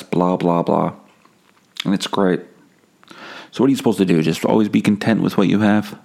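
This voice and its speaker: A man hosting a solo comedy podcast, rambling in a deadpan, profane, self-mocking way. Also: low-pitched, fast talker, creaky.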